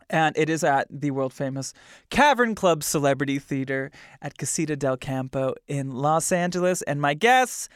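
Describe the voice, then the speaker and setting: Lively, chatty male podcast host. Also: a little high, clean tone, no room sound, studio quality. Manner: chatty, amused, trails off into asides. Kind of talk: casual chat, reading the news aloud.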